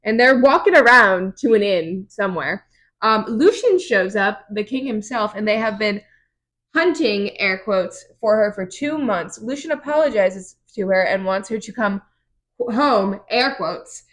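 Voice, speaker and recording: A young woman co-hosting a podcast, recapping chapters in an animated, chatty way with lots of fillers. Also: mid-range voice. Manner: animated, quick storytelling with many fillers. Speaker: podcast co-host. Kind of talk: casual book recap chat.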